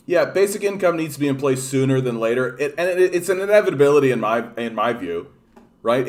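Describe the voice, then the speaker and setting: A man from Canada giving angry, profane, blunt solo political commentary. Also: medium pitch.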